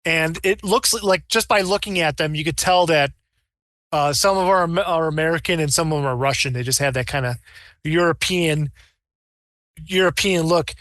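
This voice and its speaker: Brief: male game master, bright and slightly high, rambling animated narration, dry close sound. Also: moderate pace, no room sound. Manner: rambling, animated, breaks into character voices.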